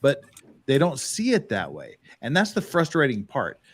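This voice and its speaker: A man's voice: mid-range voice, wildly swooping pitch, normal speed, husky. A man hosting a live stream, talking bluntly and casually, swearing freely. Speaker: host of a live law show.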